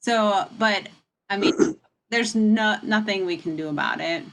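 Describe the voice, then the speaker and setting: A woman's voice: medium pitch, a little slow. A woman leading a staff meeting over a video call, talking in a chatty, frank and rambling way. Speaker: meeting leader. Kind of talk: casual meeting talk.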